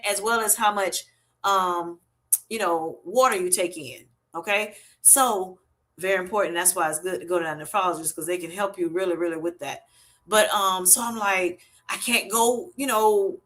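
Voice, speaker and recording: A woman's voice: mid-range voice, sharp tone. A woman hosting a casual live-stream health chat, retelling her doctor visits and greeting viewers as they join.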